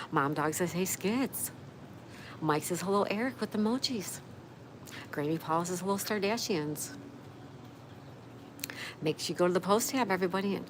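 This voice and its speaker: A friendly woman hosts a casual live stream from an outdoor patio, warmly reading out viewer comments and greeting people by name. Her voice sits a little on the low side. A faint outdoor ambience hums under her talk. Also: noisy background. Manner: upbeat, reads out viewer comments.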